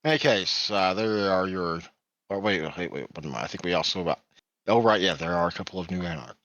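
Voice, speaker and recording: A man's voice: sits low, quick pace, fairly bright tone, no room sound, dull audio. A man running a tabletop game as game master, rambling and correcting himself, often chuckling. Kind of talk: narrating a tabletop game online.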